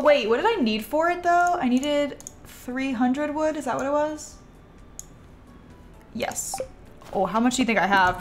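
Bubbly young woman streamer chatting. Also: fairly high pitch. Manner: chatty, bubbly, with quick gasps and trailing asides. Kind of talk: casual gameplay chat with viewers. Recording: music playing in the background.

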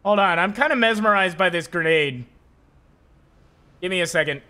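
A man streaming a video game live, talking through his play with excitable commentary and frequent swearing. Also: high voice, normal speed, clean tone. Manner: excitable, swears often, shouts at enemies.

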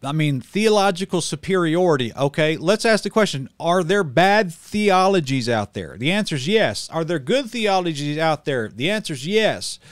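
A middle-aged man with a fairly high voice rants like a preacher, climbing into loud outrage and then dropping to a low, calm tone. He restarts his sentences often. The sound is dry and close. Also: moderate pace, hardly any pauses, no room sound. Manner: repeats words and restarts often. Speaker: street preacher and channel host. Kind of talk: heated commentary video.

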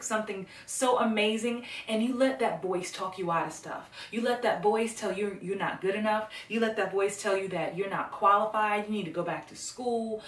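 A woman working as a success coach, giving a lively motivational talk and acting out the voices she quotes. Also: medium pitch, echoey room, distant mic.

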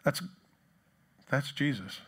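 A husky, slightly bright male voice of medium pitch belongs to a pastor preaching slowly and conversationally. He sometimes imitates the crowd's mockery, switching to a voice of his own for it.

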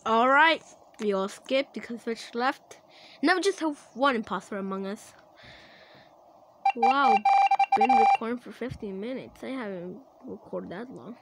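A woman giving casual, excitable commentary while playing an online game, laughing and shouting as things happen. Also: fairly high pitch, a little slow, a little hiss or hum, rough recording. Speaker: gaming channel creator.

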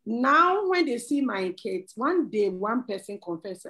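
A woman's voice: a little high, very animated, measured pace, hardly any pauses, pushed and bright, poor audio. A middle-aged woman, sharing a testimony on a church talk show and earnestly pleading with listeners, often breaking into laughter. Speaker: panel guest.

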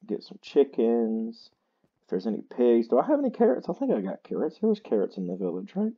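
Guy hosting a gaming channel, unhurried tired chatter, slightly dull mic. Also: fairly low pitch. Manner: slow, chatty and self-mocking. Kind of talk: casual gameplay commentary.

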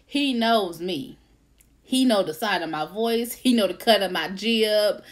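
A woman hosting a casual faith-based livestream, lively, laughing often and greeting viewers by name. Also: mid-range voice, a little slow. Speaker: author and livestream host.

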